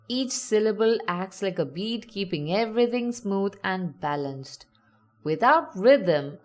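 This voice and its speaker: Woman teaching a lesson, slow and careful, voice bounces up and down a lot, sounds out words clearly. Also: medium pitch, a bit bright. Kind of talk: scripted lesson narration.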